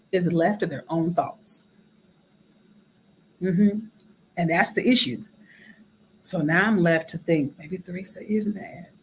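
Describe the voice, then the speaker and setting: A woman drama therapist hosting a talk show, explaining in a casual teaching way and acting out quoted voices with animated shifts. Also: on the low side, slight background noise, low-quality recording.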